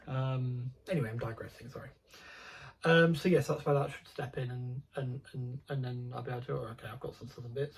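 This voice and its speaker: A man's voice: mid-range voice, slight background noise, low-quality recording. A young man chatting casually about his model railway hobby, rambling and digressive with many ums and restarts.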